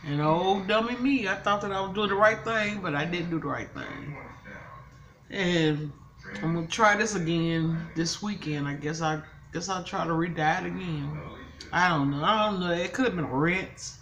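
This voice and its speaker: A woman's voice: on the low side, moderate pace, a bit bright, a little hiss or hum, poor audio. An older woman and grandmother, talking casually to her viewers in a vlog, upset and pleading for advice. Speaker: mukbang vlogger.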